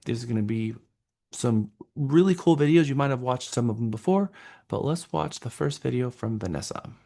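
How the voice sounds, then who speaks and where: A man's voice: mid-range voice, darkish tone. A man with a Texan accent teaching a real estate training class, coaching and encouraging his students.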